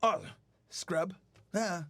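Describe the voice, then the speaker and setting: High pitched guy ranting angrily on stream, swears a lot, dry mic. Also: extremely slow, fairly bright tone, no echo. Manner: profane, heated, mocking. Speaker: streamer host. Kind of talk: angry ranting commentary.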